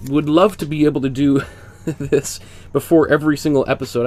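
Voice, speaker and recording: A man's voice: fairly high pitch, lively intonation, a little fast, a little mellow, soft background music. A man with a cold teaching a painting class. He talks in a chatty way and explains each step as he works. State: congested with a cold. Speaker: art instructor. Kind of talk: casual painting demonstration.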